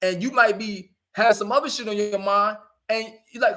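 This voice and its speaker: A man's voice: high voice, moderate pace, sharp tone. A man giving a blunt, profane street-talk monologue, preaching to young people and often asking "you know what I'm saying". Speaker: community speaker.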